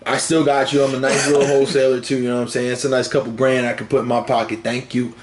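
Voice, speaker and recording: A man's voice: mid-range voice, flat delivery, fast talker, a crowd in the background. A young man co-hosting a casual sports podcast, rambling and telling stories with frequent laughs. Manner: rambling, laughs often, storytelling. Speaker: podcast co-host.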